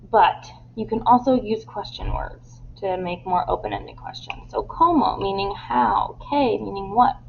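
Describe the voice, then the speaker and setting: A woman Spanish teacher giving recorded class instructions step by step, often pausing on "um" and reading out Spanish examples. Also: medium pitch, vocal fry, muffled recording, slight background noise. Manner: explains step by step, with many "um" fillers and Spanish examples.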